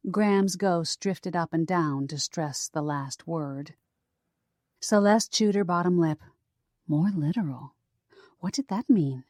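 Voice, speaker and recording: A woman narrating an audiobook in a measured storytelling manner. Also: lowish voice, darkish tone, dry recording, studio quality. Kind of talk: scripted narration.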